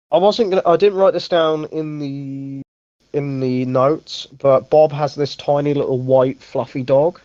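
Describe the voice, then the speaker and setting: A man's voice: on the high side, fairly even intonation, unhurried, darkish tone, clean tone, no echo, highs cut off. A young man hosting a casual movie review podcast, rambling, correcting himself and swearing offhand. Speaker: podcast host.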